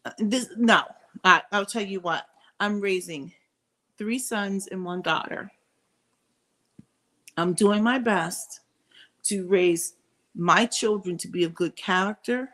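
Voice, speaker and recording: This commentary vlogger is a middle-aged woman with a medium-pitched, fairly bright voice who talks slowly and pauses often. Her casual vlog is candid and opinionated, full of restarts and asides as she thinks out loud.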